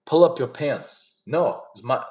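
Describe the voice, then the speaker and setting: A man's voice: medium pitch, expressive, measured pace, a little mellow, reverberant. A man in his thirties hosting a casual live stream, reading chat questions and giving blunt, laid-back fitness advice. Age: 30s. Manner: casual, coaching, reads chat questions aloud. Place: camp fire stream setting.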